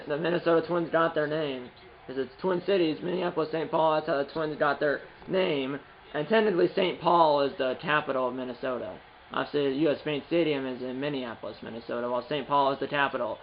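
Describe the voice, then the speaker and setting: A man with a high voice narrates his own video game like a play-by-play announcer, wandering off on tangents and correcting himself as he goes. He breaks into excited calls on big plays. The recording sounds dull and lo-fi. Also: brisk, slight background noise. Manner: rambling, self-correcting, bursts of excited calls. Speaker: gaming channel host. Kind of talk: play-by-play commentary while playing.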